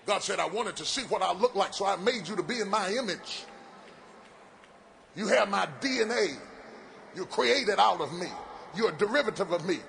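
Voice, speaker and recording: A middle-aged man preaching a sermon at a large event on a stage microphone, with a rhythmic delivery that builds to shouted, sing-song cadences and drops into playful folksy asides. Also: sits high, lively intonation, normal speed, creaky, pauses often, slight background noise.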